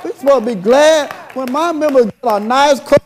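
A man preaching a sermon as pastor, moving between hushed passages and shouted calls. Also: extremely high pitch, normal speed. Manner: call-and-response preaching, swings from soft to shouting.

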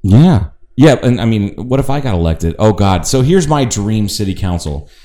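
A man's voice: lowish voice, animated, normal speed, dark tone. A man co-hosting a podcast, talking casually in a rambling, profane way with many restarts. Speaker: podcast co-host. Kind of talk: casual chat.

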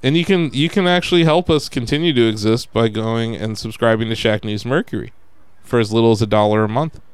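A man hosting a casual podcast, talking in an animated way and swearing when he gets worked up. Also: mid-range voice, a little fast, smooth, no room sound. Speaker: podcast host.

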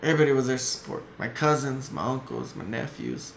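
A man's voice: medium pitch, lively intonation, quick pace, gravelly. Heated, blunt man in an echoey room. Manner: blunt, heated storytelling with heavy swearing. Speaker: podcast guest. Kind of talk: casual chat. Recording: echoey room, faint noise.

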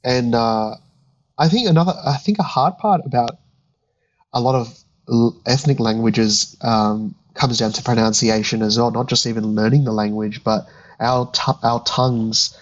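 A man's voice: mid-range voice, normal speed. Easygoing young man, dull lo-fi sound. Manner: easygoing, agreeable, thinks aloud with fillers. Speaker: podcast co-host. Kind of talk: casual chat.

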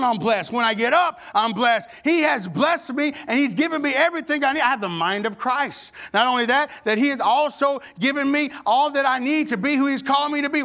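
High, bright-voiced male preacher. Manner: animated, building to shouts. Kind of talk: sermon with humorous storytelling.

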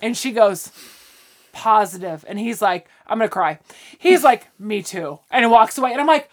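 A woman's voice: on the high side, a little fast. A woman co-hosting a podcast, chatting casually as she recaps a sitcom and acts out the characters' lines. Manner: animated, acts out characters' lines while retelling scenes. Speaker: podcast co-host. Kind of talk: casual chat recapping a TV show.

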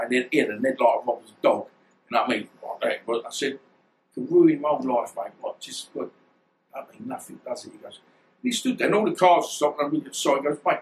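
A man, telling stories in an interview in a rambling, animated way and acting out the dialogue. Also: medium pitch, a little hiss or hum, poor audio. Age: 50s. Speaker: guest, former boxer. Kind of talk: storytelling interview.

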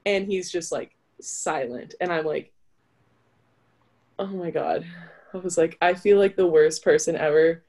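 A young woman speaks as an interview guest, chatty and easygoing. Her voice sits a little low for a woman. She keeps dropping "like" into her sentences as she tells her story. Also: measured pace, pauses often, a little mellow, a little hiss or hum. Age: young adult. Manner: chatty, with frequent filler "like". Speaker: interview guest, college volleyball player. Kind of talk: casual storytelling.

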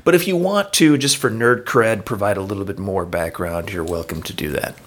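A man's voice: on the low side, fairly quick. A man hosting a game segment in casual podcast chat, hesitant with many fillers as he explains the rules.

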